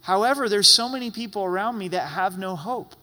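A middle-aged man preaching a sermon as a pastor, earnest and sometimes breaking into sudden loud exclamations. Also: high-pitched, fairly quick. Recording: long hall reverb.

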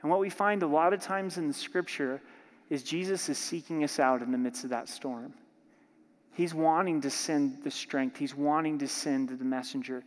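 A man's voice: a little high, steady tone, moderate pace. A man preaching a sermon as pastor, emphatic and dramatic, acting out prayers and joking with the congregation. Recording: long hall reverb.

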